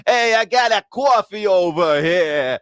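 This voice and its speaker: A man voicing a brash New York bystander with a New York accent, shouting across the street. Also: sits high, animated, measured pace, smooth, no echo, clean studio sound, voice pushed up. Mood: rowdy.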